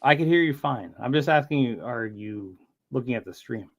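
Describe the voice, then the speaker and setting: A man's voice: mid-range voice, lively intonation, normal speed, highs cut off. A man hosting a casual livestream chat, telling rambling stories and laughing often. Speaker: streamer.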